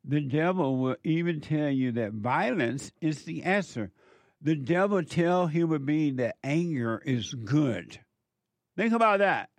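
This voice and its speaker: A man giving an impassioned spiritual monologue, emphatic and repetitive, slowing down to stress his points. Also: fairly high pitch, dry recording. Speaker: speaker preaching about the devil.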